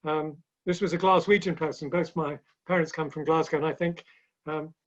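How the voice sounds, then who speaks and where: A man's voice: fairly high pitch, steady tone, moderate pace. A man speaking as a guest in a webinar conversation, telling stories with light humor in a chatty way. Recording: dull lo-fi online call audio.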